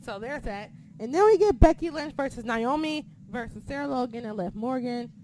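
A woman co-hosting a casual chat, excitable and swearing freely, sometimes losing her train of thought. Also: a little high, normal speed, slight background noise. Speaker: podcast co-host.

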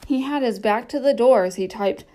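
A woman narrating a children's novel audiobook at a measured storytelling pace. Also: fairly high pitch, dark tone.

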